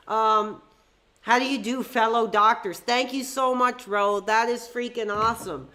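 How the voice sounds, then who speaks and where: A woman's voice: medium pitch, normal speed, pushed and bright. A woman hosting a live stream with fan call-ins, talking in a heated, ranting way with frequent swearing. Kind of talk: live-stream chat with fans.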